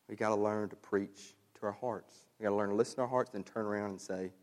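A man's voice: on the low side, steady tone, fast, in a large hall. A man preaching a sermon as pastor, earnest and exhorting, repeating key phrases, then leading a closing prayer. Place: church sanctuary.

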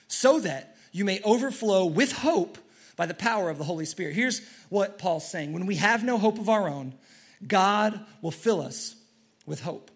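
A male preacher with a fairly high voice delivers a sermon from a church stage. He tells his story earnestly, stumbling over restarts and moving from loud to quiet. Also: expressive, moderate pace, husky. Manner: earnest storytelling with many restarts and swings in loudness. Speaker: pastor.

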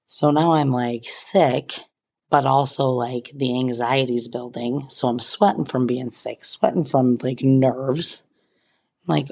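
A woman's voice: a bass voice, a little slow, creaky, a little mellow, breathy edge. A young woman hosting a podcast, telling a funny personal story with self-mocking, dramatic asides. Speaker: podcast host. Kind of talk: casual storytelling.

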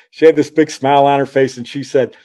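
A man's voice: mid-range voice, fairly even intonation, moderate pace, dark tone. A man in his sixties, a podcast host, telling personal family stories in a casual, chatty way and laughing at his own tales.

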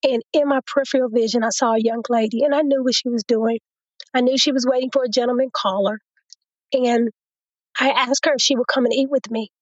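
A woman's voice: fairly high pitch, brisk, no echo, dull audio. A woman guest in an interview, telling a personal testimony and acting out what others said to her. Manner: storytelling, quotes others in a lively retelling.

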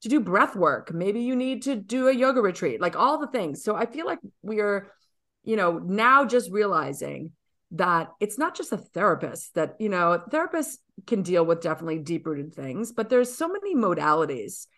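A woman with a medium-pitched, slightly bright, sing-song voice talks at a moderate pace. She's a women's coach co-hosting a podcast, chatting casually and emphatically with plenty of fillers.

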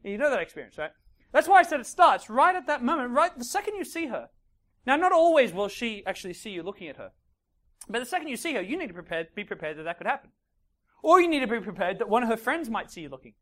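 Animated man coaching a crowd. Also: very high-pitched, fast talker. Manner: animated, acts out scenes, frequent checks like "right?" and "okay?". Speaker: dating coach. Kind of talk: live seminar talk to an audience.

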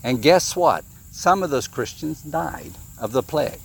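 A man's voice: a little high, lively intonation, unhurried, gravelly, a little hiss or hum. A man giving an informal sermon, reading scripture and asking his listeners questions, often repeating himself. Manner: conversational, questions the audience, repeats words. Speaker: preacher.

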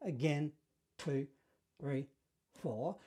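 A man teaching a saxophone lesson, walking through the notes in a relaxed, encouraging way and scatting the phrases. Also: on the high side, very slow, over loud music. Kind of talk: online music lesson.

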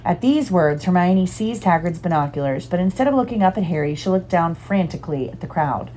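Storybook reader: woman, slightly low voice, animated and expressive delivery. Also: a little fast, slight background noise. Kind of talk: reading a storybook aloud.

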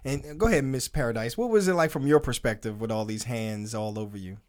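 A man's voice: mid-range voice, fast talker. Laughing, joking man hosting a chat. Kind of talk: casual chat.

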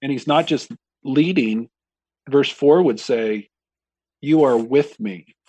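A man, a pastor, talking through a Bible passage in a reflective, measured way with frequent pauses. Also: medium pitch, a little mellow, husky, no echo, lo-fi sound. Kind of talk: conversational Bible discussion.

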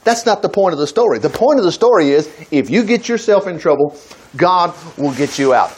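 Lively high-voiced man teaching scripture. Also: a little fast, slightly rough. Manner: conversational, reads scripture aloud, rises to emphatic bursts. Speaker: preacher. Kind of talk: casual Bible teaching.

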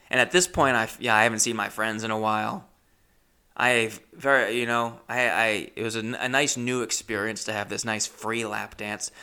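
A young man telling a comic story, animated, swinging from mutters to loud outbursts. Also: on the low side, creaky, clear, resonant tone. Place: Los Angeles area.

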